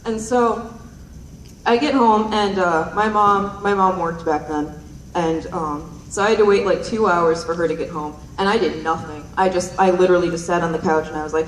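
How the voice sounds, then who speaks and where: A woman's voice: lowish voice, fairly even intonation, normal speed, a little hiss or hum. A young woman telling rambling, self-deprecating stand-up stories on stage into a handheld mic, with lots of ums and giggles. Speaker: stand-up comedian. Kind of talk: stand-up storytelling. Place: stage at a performance night. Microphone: handheld stage microphone. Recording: roomy hall mic heard from a distance.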